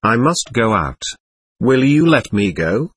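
A man's voice: mid-range voice, sing-song, slow pace, slightly rough, exaggerated voice. A man reading the lines of a self-assured schoolboy who speaks solemnly and shows off. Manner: solemn, showing off.

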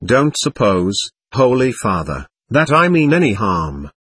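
A man's voice: medium pitch, very animated, unhurried, fairly bright tone, husky, no room sound, exaggerated voice. A man reading the lines of a mocking, sarcastic old male buffoon in a storybook reading. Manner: sarcastic, teasing.

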